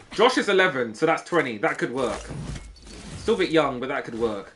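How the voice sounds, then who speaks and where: A man's voice: mid-range voice, big pitch swings, normal speed, a bit bright, slight background noise. A man in his thirties, a gaming streamer rambling through a gossipy story and teasing his chat. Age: 30s.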